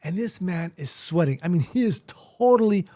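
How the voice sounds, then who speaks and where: A man's voice: high voice, animated, normal speed, background noise. A man in his fifties from Florida, telling stories to camera in a chatty, joking way. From Miami, Florida, USA. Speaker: martial arts teacher and vlogger. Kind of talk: casual storytelling to camera.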